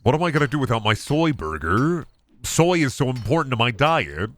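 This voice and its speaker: Animated, profane young male streamer. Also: medium pitch, a little fast. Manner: rambling, joking, profane rants. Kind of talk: casual livestream chat.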